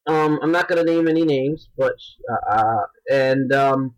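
Deadpan, blunt man trading wisecracks. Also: medium pitch, a little slow, poor audio. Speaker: podcast co-host. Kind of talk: casual chat.

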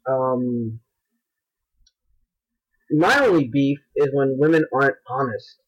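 Deadpan, blunt man trading wisecracks. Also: mid-range voice, slow pace, highs cut off, noisy background. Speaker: podcast co-host. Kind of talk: casual chat.

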